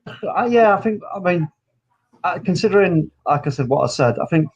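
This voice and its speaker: A man co-hosting a casual football reaction chat, measured and hedging with fillers. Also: sits high, lively intonation, husky, dull audio. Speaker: co-host.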